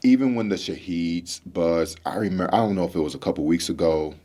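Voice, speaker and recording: Deep-voiced man asking earnest questions. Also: brisk, warm tone. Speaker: interviewer. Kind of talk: casual conversational interview.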